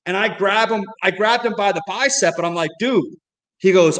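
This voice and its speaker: A man, a comedy club owner, telling a rambling, animated story in casual chat. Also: sits high, moderate pace, big-room sound, rough recording.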